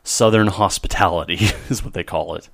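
A man from the United States hosting a casual group podcast, animated and steering the conversation. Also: deep voice, moderate pace, vocal fry.

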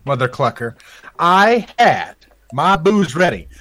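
Male podcast co-host, goofy teasing banter, voice a touch high. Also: big pitch swings, takes it slowly, a bit bright, slight background noise. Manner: teasing, goofy, swears casually. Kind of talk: casual chat.

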